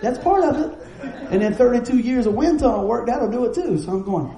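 High-voiced preacher, dark and folksy. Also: male voice, reverberant, a little hiss or hum, rough recording. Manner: folksy storytelling, animated, quick asides. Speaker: pastor. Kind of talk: sermon.

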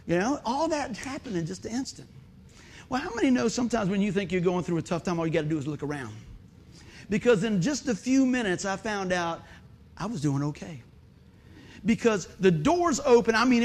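A man preaching a sermon as pastor, telling a story with shouted sound effects and questions to the congregation. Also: sits high, expressive, fairly quick.

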